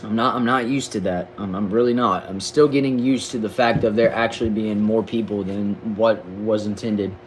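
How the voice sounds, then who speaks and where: A man's voice: on the low side, fairly even intonation, moderate pace, hardly any pauses, a little hiss or hum, low-quality recording. Laid-back Southern man reading chat. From Texas. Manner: laid-back, slangy, stumbles and repeats words. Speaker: livestreamer. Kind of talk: casual livestream chat reading comments. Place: back shed.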